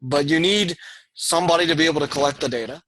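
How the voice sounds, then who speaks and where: Bright-voiced male lecturer, rambling. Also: a little high, fast, dry recording, low-quality recording. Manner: discursive, many fillers and restarts. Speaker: university lecturer. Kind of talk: online class lecture.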